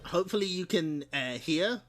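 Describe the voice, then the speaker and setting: A man's voice: high-pitched, animated, moderate pace, fairly bright tone, soft background music. A man hosting a game stream, chatting casually and laughing often as he shows off old game discs. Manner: chatty, giggly, self-correcting. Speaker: streamer host.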